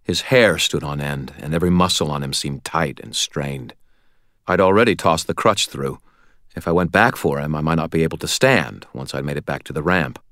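A man narrating an audiobook in a wry, expressive storytelling manner. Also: extremely low pitch, no echo, studio quality.

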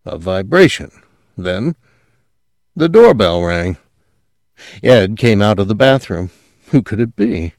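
A man reading a story aloud as narrator, measured and steady, dropping quiet at moments. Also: lowish voice, creaky, no echo, studio quality. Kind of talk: audiobook narration.

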